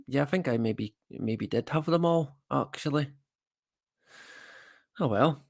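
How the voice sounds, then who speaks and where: A man's voice: medium pitch, a little slow, creaky. A Scottish man hosting a livestream, chatting casually to viewers with self-deprecating, rambling asides. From Scotland. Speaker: livestream host.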